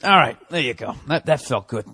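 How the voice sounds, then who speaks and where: A man's voice: medium pitch, animated, a little fast, bright, forceful tone, slightly rough, no echo, studio quality. A man in his forties hosting a solo podcast, ranting with profane sarcasm. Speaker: podcast host.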